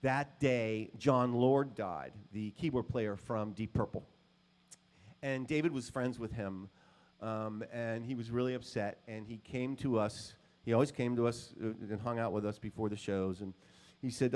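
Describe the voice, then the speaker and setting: A man's voice: medium pitch, a little slow, a little mellow. Male guitarist at a store clinic: casual storyteller, full of "um" and "you know.". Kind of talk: storytelling talk to a live audience.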